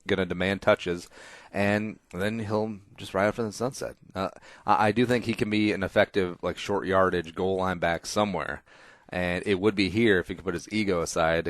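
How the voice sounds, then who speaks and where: A man with a low voice hosts a casual podcast, recorded dry on a close studio mic with no echo. He's opinionated and emphatic, rambling along and swearing freely.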